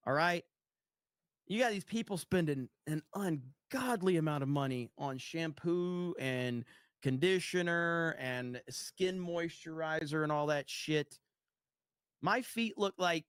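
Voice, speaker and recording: A young male streamer talks off the cuff in a fairly high voice, swearing often and wandering between chat messages and personal stories. The sound is close and dry, with no room around it. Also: no room sound. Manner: profane, rambling, reads chat aloud. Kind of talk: casual livestream chat.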